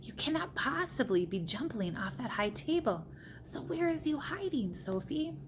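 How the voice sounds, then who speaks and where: A woman's voice: high voice, very animated, moderate pace, slight background noise, voice pushed up. A woman voicing a kindly, clever male giant who pleads earnestly in a raised voice. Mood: worried.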